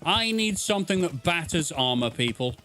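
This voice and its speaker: A man's voice: on the high side, animated, normal speed, over music. A young man streaming a game, chatting casually and swearing, laughing at the chaos. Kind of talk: casual gameplay commentary.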